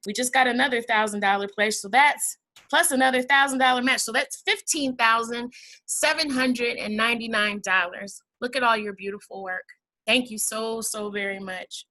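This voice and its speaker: A housing nonprofit's event host, her voice a little high and sharp, runs a virtual fundraiser by video call at a moderate pace. She's casual and heartfelt, addressing the audience as y'all, and the audio quality is low.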